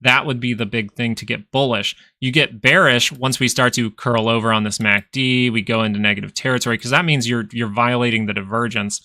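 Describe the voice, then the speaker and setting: With a sharp, steady, medium-pitched voice, a man hosting a live stock stream talks fairly quickly and with few pauses. He casually walks through charts, reasoning aloud and repeating phrases for emphasis, recorded without room sound.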